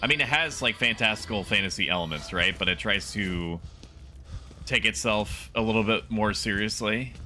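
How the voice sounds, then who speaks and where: A young man livestreaming a video game as a VTuber, chatting with viewers and breaking into loud, animated outbursts at the game. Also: fairly low pitch, a little hiss or hum. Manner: animated, yells and laughs at the game. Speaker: VTuber streamer. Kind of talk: gaming livestream commentary.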